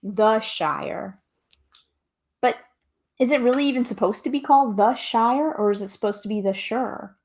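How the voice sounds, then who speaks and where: A woman's voice: a little high, moderate pace, pauses often, darkish tone. Cheery young woman, livestream host, chatty, reading out viewer comments. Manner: upbeat, reads viewer comments aloud. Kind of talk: casual livestream chat.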